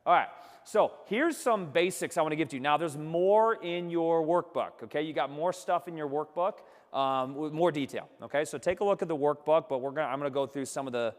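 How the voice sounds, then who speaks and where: A man's voice: on the high side, a little fast, big-room sound. A man teaching a live business workshop, coaching energetically and checking in with "okay?" after nearly every sentence. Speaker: workshop instructor. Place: seminar room with remote attendees.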